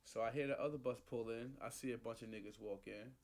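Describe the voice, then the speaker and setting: A man's voice: medium pitch, steady tone, quick pace, a little mellow. A man casually telling a personal story into a studio microphone, slangy and profane, acting out the people he quotes.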